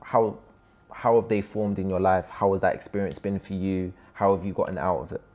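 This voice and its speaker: A man's voice: sits low, steady tone, brisk, dark tone. A man hosting an interview show, encouraging and playful with his guest. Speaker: host. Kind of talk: casual interview chat.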